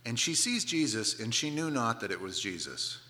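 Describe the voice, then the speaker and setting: A middle-aged man preaching a sermon, telling the story with playful asides and dropping to soft, hushed tones for tender moments. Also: mid-range voice, sing-song, moderate pace. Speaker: pastor.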